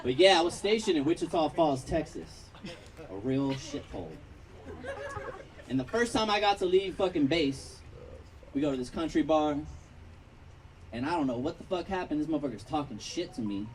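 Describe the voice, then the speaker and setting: A man's voice: a little high, animated, moderate pace, long pauses, recorded from a distance, low-quality recording. A man from Long Beach doing a profane, story-driven stand-up set at an outdoor backyard patio show. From Long Beach, California. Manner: profane, storytelling, acts out characters. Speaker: stand-up comedian. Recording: crowd laughter, mic heard from afar.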